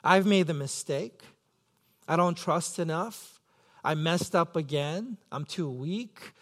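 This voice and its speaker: A man's voice: on the high side, slow pace, fairly bright tone. A man preaching a sermon as pastor, earnest and self-questioning, acting out his own pleading thoughts.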